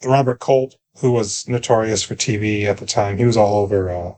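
A man's voice: lowish voice, fairly quick, darkish tone. Wry, rambling male podcast co-host. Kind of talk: casual movie review chat.

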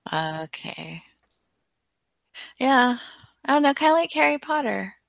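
A woman's voice: high voice, sing-song, slow pace, gravelly, a bit bright, no room sound. A woman co-hosting a podcast in casual chat, giving brief, giggly, self-mocking reactions. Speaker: podcast co-host.

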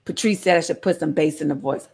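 A woman's voice: low voice, fast, gravelly, darkish tone, slightly rough. A woman teaching a Bible passage in a casual, slangy, storytelling sermon.

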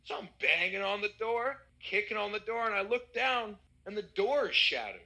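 A young American man telling a wild party story in casual chat, animated and swearing. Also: sits high, normal speed, poor audio. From United States.

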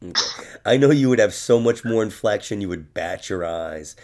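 A man's voice: lowish voice, expressive, normal speed, a little mellow. A man hosting a podcast, teasing and swearing in crude comedic banter and laughing often. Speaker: podcast host.

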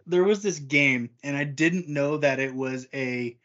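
A man's voice: medium pitch, measured pace, fairly bright tone. A man casually telling a story on a podcast, laughing often as he talks. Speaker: podcast co-host. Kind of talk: casual chat. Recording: dull lo-fi audio.

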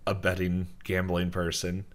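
A man's voice: low voice, completely flat delivery, moderate pace. A man co-hosting a podcast, chatting casually, rambling through thoughts with lots of fillers and laughing mid-sentence. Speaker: podcast co-host. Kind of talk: casual chat.

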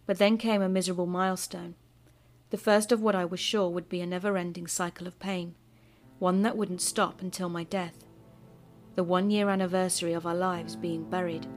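A woman with a fairly low voice tells a first-person horror story in a measured, bitter way. Her reading is scripted and steady, and music plays behind her the whole time. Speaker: story narrator.

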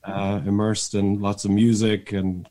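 Easygoing man with a softened Irish accent. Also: on the low side, little pitch movement, a little slow. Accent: Irish, faded by years in America. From Ireland. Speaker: podcast guest. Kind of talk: casual interview chat.

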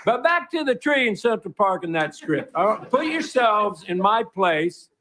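A man with a Texan accent hosting a comedy show, delivering a rambling, deadpan, self-mocking monologue in front of a live studio audience. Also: extremely high pitch. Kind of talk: stand-up monologue. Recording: live broadcast with a noisy studio crowd. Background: audience laughter and applause.

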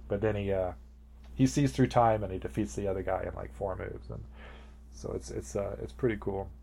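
Male podcast co-host, casual rambling chat, low voice. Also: fairly even intonation, fairly quick, creaky, dark tone, slight background noise. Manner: rambling, laughs often, retells scenes animatedly.

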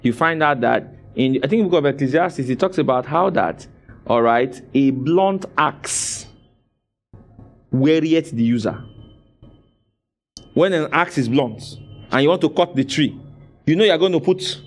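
A man's voice: a little high, animated, measured pace, soft background music. A man preaching a sermon, exhorting his congregation with call-and-response and repeating phrases for emphasis. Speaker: pastor.

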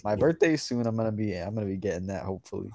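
A man's voice: fairly low pitch, lively intonation, racing, background noise. A young man co-hosting a podcast, chatting casually and rambling with lots of fillers and laughs. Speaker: podcast co-host. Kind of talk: casual chat.

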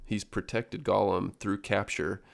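A man's voice: lowish voice, level tone, measured pace, creaky. A man co-hosting a podcast, reflecting on a book in a casual, hesitant way with many ums. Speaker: podcast co-host.

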